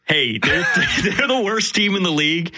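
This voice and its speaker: A man in his twenties hosting a sports radio show, reading sponsor plugs and chatting in quick, upbeat banter. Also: sits high, big pitch swings, pushed and bright. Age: 20s. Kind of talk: casual sports radio chat.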